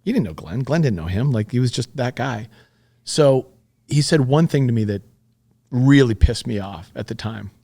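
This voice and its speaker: A man's voice: medium pitch, lively intonation, moderate pace, gravelly, dark tone. A man in his fifties, a podcast guest, telling a story in blunt, profane everyday talk. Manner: blunt and profane, retelling events with heat. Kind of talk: conversational storytelling.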